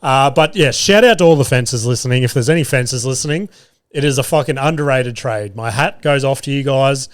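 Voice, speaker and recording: An Australian man in his young adult years hosts a podcast alone and rambles through an animated story, swearing freely. His voice sits at a middle pitch. The sound is dry and close, with no room around it. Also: brisk, no echo. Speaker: podcast host. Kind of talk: casual storytelling monologue.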